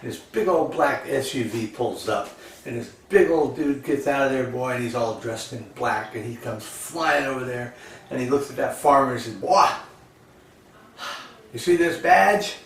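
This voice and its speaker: A joke teller with a medium-pitched voice casually rattles off old jokes at normal speed, rambling in a folksy way full of fillers like "you know." The recording is echoey and distant, with faint crowd and noise.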